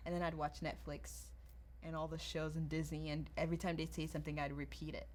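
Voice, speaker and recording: A young woman from Nigeria, now speaking, hosting a casual chat and telling lively stories in which she acts out quoted voices. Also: deep voice, fast talker, a little hiss or hum. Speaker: podcast host.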